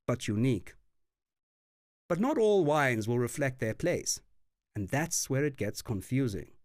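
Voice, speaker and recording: Lively male narrator teaching wine. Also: mid-range voice, no room sound. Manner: lively, expressive delivery with playful put-on accents. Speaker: wine course instructor. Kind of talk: scripted educational narration. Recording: dry voice-over with faint music.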